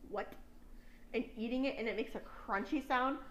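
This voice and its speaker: A woman's voice: a little high, moderate pace, a bit bright, reverberant, rough recording. A young woman from New York, a podcast host chatting casually, rambling and swearing and laughing at her own stories. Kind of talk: casual chat.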